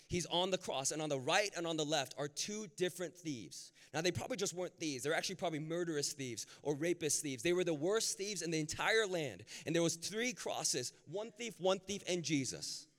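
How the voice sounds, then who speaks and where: A man preaching a sermon in a casual, conversational way that builds to impassioned, near-shouted peaks. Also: fairly high pitch, expressive, fairly quick, hardly any pauses. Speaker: pastor. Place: large hall with a live audience. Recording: long hall reverb, faint music.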